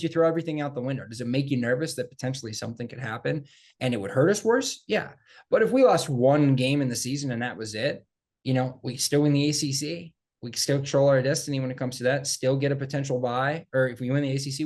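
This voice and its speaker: A man in casual sports-podcast chat, mid-pitched and lively. He talks emphatically and keeps repeating his points for effect. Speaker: podcast co-host.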